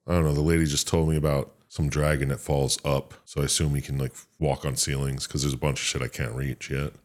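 A man's voice: extremely low pitch, little pitch movement, fast talker, a little mellow. A man co-hosting a gaming podcast, talking in a laid-back way, swearing casually and laughing often. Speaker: podcast co-host. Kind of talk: casual chat.

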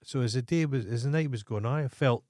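A Scottish man spins blunt, sweary stories on a podcast at a mid pitch. His voice is close and dry, with no room around it. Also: fast, a little mellow, no room sound. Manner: blunt, profane storytelling. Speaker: podcast co-host. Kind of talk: casual podcast chat.

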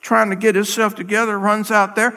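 Male pastor telling a bible story in a sermon, sharp bright voice, big echoey church. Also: sits high, little pitch movement, brisk. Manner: dramatic storytelling, acting out scenes. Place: church sanctuary.

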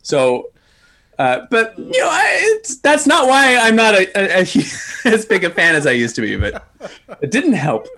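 A man hosting a podcast, telling stories in an animated, laughing way with lots of restarts. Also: sits high, unhurried. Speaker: podcast host. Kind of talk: casual storytelling chat.

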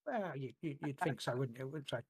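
A man's voice: mid-range voice, lively intonation, a little fast. A man co-hosting a podcast, talking in a rambling, cheeky way and often repeating words. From United Kingdom. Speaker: podcast co-host. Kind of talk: casual podcast chat.

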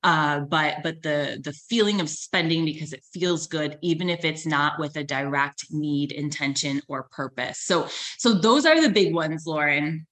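A woman with a low voice talks through personal finance as a podcast guest. She is earnest and encouraging, and she often restarts phrases and uses fillers. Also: normal speed, few pauses, a bit bright. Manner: conversational, frequent fillers and restarts. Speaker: financial advisor. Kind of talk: podcast interview.

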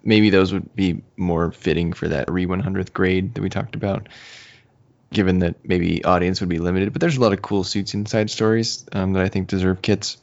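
A man with a low, gravelly voice chats casually as a podcast co-host, trailing into laughter and hesitant restarts. The recording sounds muffled and lo-fi. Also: steady tone, moderate pace. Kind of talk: casual chat. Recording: muffled lo-fi audio.

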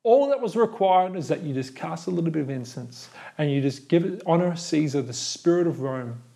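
A man's voice: on the high side, lively intonation, brisk, vocal fry, dark tone. A man preaching a sermon as pastor, earnest and building to fervent, emphatic lists.

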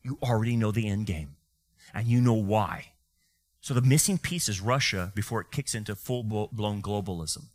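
A man's voice: lowish voice, normal speed, a little mellow. A male pastor preaching a fiery sermon, full of rhetorical questions and sarcastic asides.

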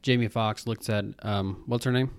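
A man co-hosting a casual movie podcast, animated and acting out quotes as he talks. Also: on the low side, moderate pace, clear, resonant tone, no room sound. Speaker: podcast co-host. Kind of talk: casual chat.

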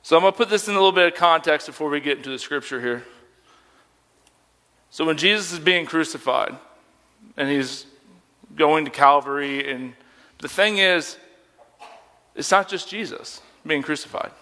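A man's voice: fairly high pitch, normal speed, long pauses, bright, forceful tone, big-room sound. A young man preaching a sermon as a youth pastor, conversational and emphatic, asking rhetorical questions.

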